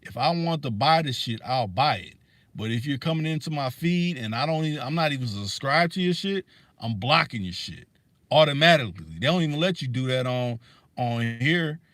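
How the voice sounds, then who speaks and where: A man's voice: mid-range voice, animated, normal speed, fairly bright tone, no room sound. A man hosting a livestream, ranting in a heated, profane way with many restarts and fillers. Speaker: livestream host. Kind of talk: casual rant on a livestream.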